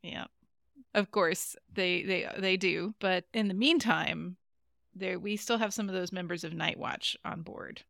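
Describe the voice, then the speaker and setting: Chatty woman with a gravelly low voice. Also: a little slow, fairly bright tone, no room sound, clean studio sound. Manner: chatty, giggles often. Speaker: podcast co-host. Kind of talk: casual episode recap chat.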